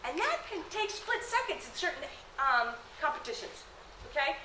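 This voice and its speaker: Woman trainer talking to a class, high bright voice, keeps saying okay, echoey room. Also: sing-song, moderate pace, a little hiss or hum. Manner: casual, repeats "okay?", laughs often. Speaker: athletic trainer at a high school. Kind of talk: classroom talk to students. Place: school room.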